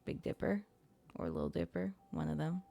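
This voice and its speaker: A young adult woman streamer chats casually and swears while she plays and narrates a game, laughing at her own struggles. Her voice is low-pitched and warm with vocal fry, very animated, at a normal speed. It's casual gameplay commentary picked up on a streaming mic.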